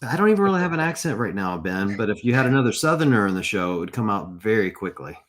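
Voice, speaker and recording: A man from Mississippi co-hosting a live podcast, chatting casually, joking and quick to laugh. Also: on the low side, sing-song, crowd noise. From Mississippi, USA. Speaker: podcast co-host.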